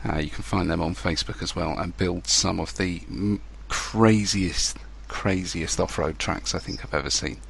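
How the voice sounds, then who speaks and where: Gravelly low-voiced podcast host. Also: male voice, normal speed, few pauses, slight background noise. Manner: chatty, loose, swears casually. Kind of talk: casual podcast chat.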